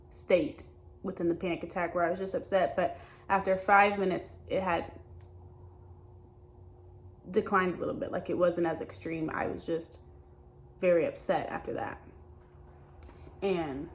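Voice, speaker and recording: A young adult woman talking openly in a personal vlog, halting and hesitant, often restarting her sentences. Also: on the low side, a little hiss or hum. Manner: earnest and open. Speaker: vlogger.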